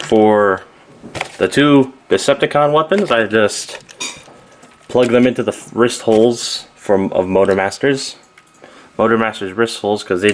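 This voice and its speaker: Chill guy with a lowish voice reviewing toys, rambly, keeps correcting himself. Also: slight background noise. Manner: rambling, self-correcting, offhand. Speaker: toy reviewer. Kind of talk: casual toy review.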